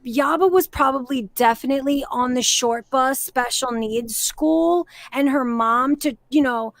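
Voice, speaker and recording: A woman's voice: high voice, a little slow. A woman co-hosting a casual stream, blunt and crude as she mocks people. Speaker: co-host. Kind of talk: casual gossip chat.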